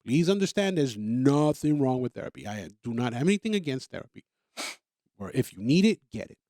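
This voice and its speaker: A man's voice: medium pitch, sing-song, fairly quick, mellow, dry recording, clean studio sound. A man hosting a talk show, delivering an opinionated monologue in an emphatic way, repeating himself and stammering on restarts. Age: adult parent. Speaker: podcast host.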